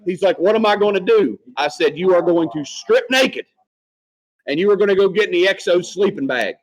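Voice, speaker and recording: A former Marine telling profane, animated service stories on a casual podcast. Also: male voice, high voice, brisk, low-quality recording. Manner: profane, animated storyteller acting out quotes.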